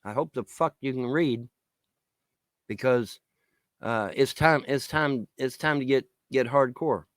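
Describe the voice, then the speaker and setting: A man rants to the camera, cursing hard and taunting his critics with repeated mocking questions. His voice sits at an ordinary middle pitch and sounds dry and close, with no room echo. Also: unhurried. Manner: swearing, taunting, shouting in bursts. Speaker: vlogger. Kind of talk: angry profane rant to camera.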